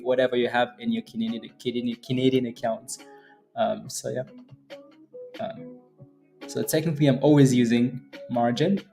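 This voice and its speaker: A man's voice: mid-range voice, warm tone. A man hosting a live day trading stream, chatting casually, laughing often and answering viewers by name. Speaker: day trading livestream host.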